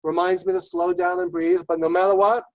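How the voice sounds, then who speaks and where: A man giving a webinar presentation, talking quickly and enthusiastically and checking in with "right?" often. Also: high-pitched, flat delivery, a little mellow, rough recording. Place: remote webinar.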